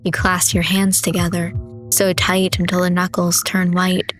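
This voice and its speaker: A woman streamer reading a horror visual novel aloud in steady, measured, dramatic narration. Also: lowish voice, soft background music. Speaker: game streamer.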